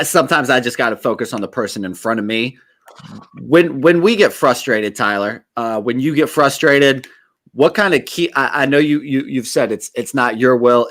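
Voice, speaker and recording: A man's voice: mid-range voice, fairly bright tone. A male host in a recovery-themed conversation, asking thoughtful, reflective questions with many fillers. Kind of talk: interview conversation.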